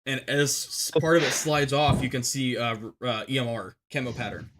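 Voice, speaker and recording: A young man telling a war story on a podcast, rambling with many fillers and restarts, and shouting when he acts out commands. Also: medium pitch, fairly quick.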